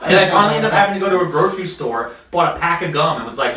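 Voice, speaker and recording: A man's voice: on the high side, animated, racing, few pauses, a crowd in the background. A male comedian guest telling a rambling comic story, laughing through it. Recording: echoey room, mic at a distance.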